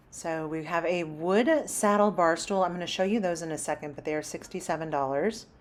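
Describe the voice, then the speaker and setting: Chatty woman vlogging a store walkthrough. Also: low voice. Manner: chatty, lists prices while browsing. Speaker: shopping vlogger. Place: inside a large home improvement store.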